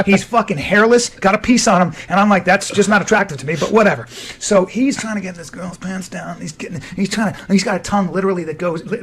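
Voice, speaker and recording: A man telling a crude, excitable story on a podcast, acting out the voices of the people in it. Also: sits high.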